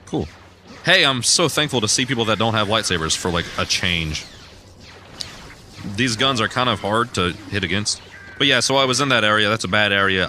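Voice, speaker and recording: Bright-voiced young man rambling over gameplay. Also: lowish voice, slight background noise. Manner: chatty and self-deprecating, with sudden excited yelps. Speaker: gaming streamer. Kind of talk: casual rambling gameplay commentary.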